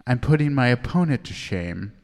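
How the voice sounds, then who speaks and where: A man playing an overly earnest male poet who chokes up while reading his own verse, in a halting, self-serious way for a comedy sketch. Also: medium pitch, expressive, a little mellow, close to an everyday voice. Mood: proud. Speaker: guest poet. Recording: long reverb.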